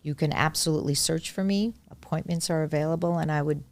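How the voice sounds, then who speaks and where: Low-voiced, emphatic woman doctor. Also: fairly even intonation, fast, vocal fry. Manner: emphatic, repeats key points. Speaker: gynecologist guest. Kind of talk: casual medical conversation.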